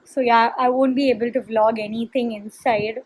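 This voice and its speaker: A woman's voice: on the high side, fairly even intonation, normal speed, low-quality recording. A young woman and college student, chatting casually to her viewers in a vlog and filming on a handheld phone. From Chennai, India. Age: young adult. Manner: chatty, talks straight to viewers with fillers. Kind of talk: casual vlog talk to camera.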